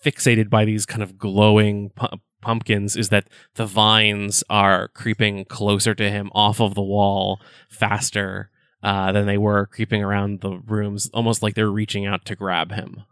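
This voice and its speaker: A man narrating a tabletop game as game master, describing scenes in a halting way with lots of fillers. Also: fairly low pitch, monotone, a bit bright, clean tone, no room sound.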